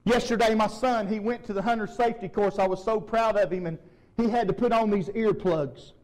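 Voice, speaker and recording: A man preaching a fervent sermon, shouting in bursts and calling out to the congregation. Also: sits high, steady tone, a little fast, poor audio. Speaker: pastor.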